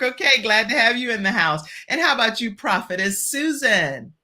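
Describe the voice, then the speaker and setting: A woman from Virginia hosting a virtual talk show, chatty and animated, speaking straight to her audience. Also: on the high side, moderate pace.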